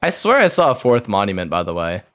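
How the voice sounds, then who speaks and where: A male streamer giving live commentary on his own gameplay. His voice swings widely in pitch as he reacts. He mutters, repeats phrases over and over, and swears freely while he plays. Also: fast talker. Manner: excitable, talks to himself, repeats words, swears. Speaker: gaming streamer.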